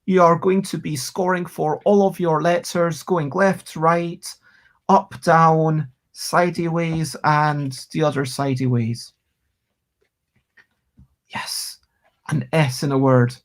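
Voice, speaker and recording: A streamer chatting at home while playing a word game live, breaking into excited outbursts and thanking viewers. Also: medium pitch, slow pace.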